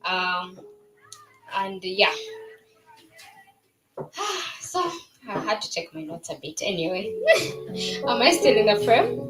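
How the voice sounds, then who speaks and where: This new business founder, a woman in her twenties, has a sing-song, mid-range voice at normal speed. Her earnest launch speech is peppered with fillers and restarts, recorded in a spacious venue where music and a crowd can be heard behind her.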